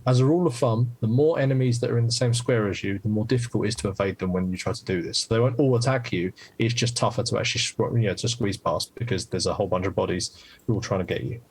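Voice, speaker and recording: A man's voice: on the low side, quick pace, breathy edge. A man, a game designer, patiently explaining the rules while demoing his board game, with many fillers.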